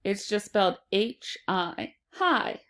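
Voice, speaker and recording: A woman teaching a phonics lesson to children, sounding out and repeating words slowly and deliberately. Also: mid-range voice.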